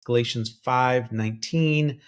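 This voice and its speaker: A man's voice: medium pitch, measured pace, clear, resonant tone. A man co-hosting a podcast, working through a Bible verse and thinking aloud with many fillers and grammar terms. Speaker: co-host biblical scholar. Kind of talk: explaining a Bible passage verse by verse.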